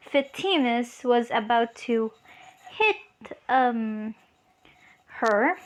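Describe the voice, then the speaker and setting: Hesitant high-voiced young woman storyteller. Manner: hesitant, many fillers. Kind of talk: improvised fan story narration.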